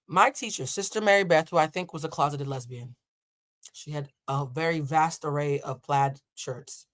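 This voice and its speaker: Animated, blunt woman coach telling a story. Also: low voice, normal speed. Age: 30s. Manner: animated, blunt and profane, acts out quoted voices. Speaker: emotional intelligence coach. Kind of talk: storytelling reaction commentary.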